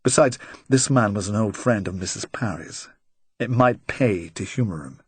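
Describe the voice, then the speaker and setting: A man narrating a crime novel in a measured, even reading. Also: on the low side, breathy edge, dry recording. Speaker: audiobook narrator. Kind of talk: scripted narration.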